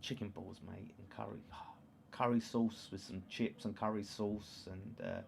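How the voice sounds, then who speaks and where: A man in his thirties with an East London accent, hosting a football watchalong in casual chat, reading out comments and erupting into loud shouts at chances. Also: on the low side, fairly even intonation, a little slow, vocal fry, slight background noise. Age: 30s. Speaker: livestream host.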